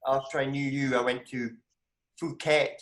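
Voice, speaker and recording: A Scottish man chatting animatedly as a comedian guest on a video call, breaking into high exclamations. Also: little pitch movement, moderate pace, roomy sound, noisy background. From Scotland. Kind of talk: casual video call chat.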